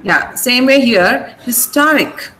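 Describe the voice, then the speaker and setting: A woman's voice: on the high side, lively intonation, a little slow, a bit bright, poor audio. Woman teacher spelling out word stress. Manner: patient, spells out word endings letter by letter. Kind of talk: online vocabulary class. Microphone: video call.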